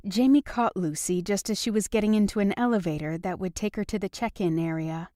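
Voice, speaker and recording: A woman narrating a romance audiobook in an even, measured way. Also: medium pitch, no room sound, studio quality. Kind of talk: scripted narration.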